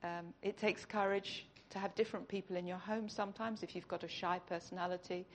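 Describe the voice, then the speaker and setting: A woman's voice: on the low side, fairly even intonation, fairly quick, slight background noise. A woman giving an earnest, conversational sermon in church. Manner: earnest, conversational, tearful at the close. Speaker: church speaker.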